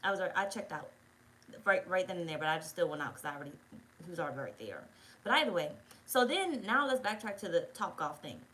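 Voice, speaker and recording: A woman's voice: on the low side, sing-song, fast talker, fairly bright tone, rough recording. A woman telling a rambling story time in casual chat, blunt and full of swearing. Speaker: tarot reader.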